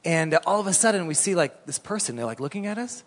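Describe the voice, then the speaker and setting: A middle-aged man preaching a sermon as a pastor, telling stories in an animated, conversational way. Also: high-pitched, fast talker. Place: church hall. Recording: long reverb in a church hall.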